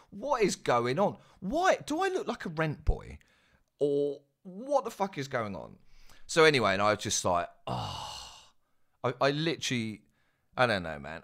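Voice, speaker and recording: A young man tells a story in a casual, rambling way. His voice sits fairly low but rises and falls a lot as he gets into it, and he swears freely as he talks. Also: fairly bright tone.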